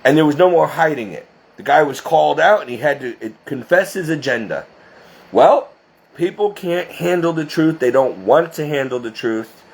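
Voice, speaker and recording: Husky-voiced man preaching emphatically. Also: medium pitch, lively intonation, normal speed. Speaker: Catholic video blogger. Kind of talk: impassioned religious monologue to camera.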